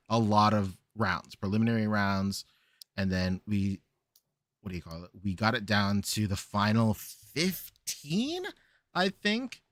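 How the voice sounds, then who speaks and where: A man hosts a casual podcast with a lively, up-and-down delivery and a bright, forward tone. He laughs often and tells stories in loose, repeating phrases. The sound is close and dry, with no room around it. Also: fairly low pitch, dry recording. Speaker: podcast host.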